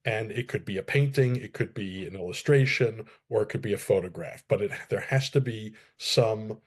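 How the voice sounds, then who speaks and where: Measured man. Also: fairly low pitch, husky. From New Jersey, USA. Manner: measured, explains step by step with small restarts. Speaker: copyright expert guest. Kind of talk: explanatory podcast interview.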